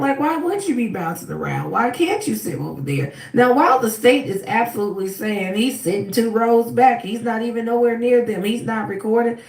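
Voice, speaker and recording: A woman casually recapping a court trial, animated and acting out quotes with sudden loud bursts. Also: on the high side, far from the mic. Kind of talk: casual commentary. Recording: echoey room, voice off-mic.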